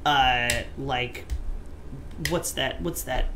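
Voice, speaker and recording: A man's voice: medium pitch, fairly even intonation, very slow, noisy background. A man co-hosting a casual gaming podcast, talking in a playful, teasing way and drawing words out for emphasis. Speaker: podcast co-host. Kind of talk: casual chat.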